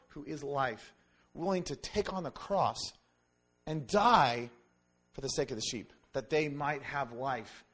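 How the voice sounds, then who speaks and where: A man preaching a sermon in an animated, conversational way, with jokes and quick asides to the congregation. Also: mid-range voice. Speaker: pastor.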